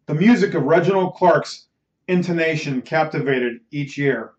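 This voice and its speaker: A man reading a novel aloud as host of a bedtime reading show, measured and dramatic. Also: on the high side, darkish tone. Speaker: audiobook reader, host. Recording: roomy, slightly muffled recording.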